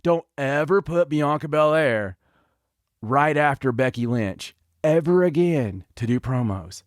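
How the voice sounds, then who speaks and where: A man hosting a podcast, reviewing wrestling in casual chat with an animated, joking, ranting manner. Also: a little high, unhurried, dry recording, studio quality. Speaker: podcast host.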